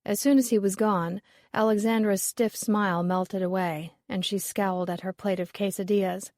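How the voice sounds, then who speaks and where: In clean studio sound with no echo, a medium-pitched woman narrates a mystery audiobook. Her scripted reading stays measured and even throughout.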